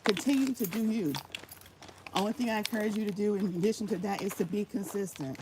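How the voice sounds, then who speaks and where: A woman talks emphatically in a casual vlog, hammering her points home through repetition as she walks laps. Her voice sits at an ordinary middle pitch. Steady noise runs clearly behind her. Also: fast talker. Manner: talks while walking laps. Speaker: vlogger giving channel tips. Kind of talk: casual motivational vlog talk. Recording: noisy background.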